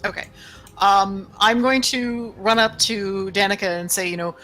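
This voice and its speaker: Bright-voiced woman player, faint music. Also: mid-range voice, a little slow. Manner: hesitant, restarting. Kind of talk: playing a tabletop game.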